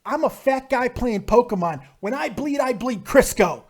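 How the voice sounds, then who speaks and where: A man with a high-pitched voice hosts a loose call-in podcast, full of jokes and swearing. He ribs his guests and slips into a mock-soothing tone. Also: expressive, moderate pace, darkish tone. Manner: joking, profane, mock-soothing. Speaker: host. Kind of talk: casual live podcast banter.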